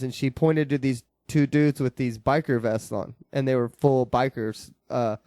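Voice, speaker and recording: A man's voice: medium pitch, steady tone, moderate pace, hardly any pauses, dark tone, dry recording, studio quality. Profane, laughing man telling stories. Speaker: podcast host. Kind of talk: casual podcast chat.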